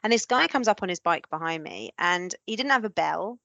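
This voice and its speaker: Lady hosting a podcast, earnest and animated, dry sound. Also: lowish voice, a little fast, gravelly, few pauses, no room sound. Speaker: podcast host. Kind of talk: frank conversational podcast chat.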